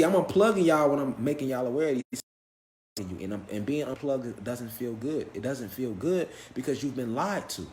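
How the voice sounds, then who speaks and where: A man's voice: medium pitch, darkish tone, roomy sound, a little hiss or hum. A man giving a spiritual lecture to a live class, emphatic and profane, firing rhetorical questions and answering them himself. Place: lecture room with a live audience.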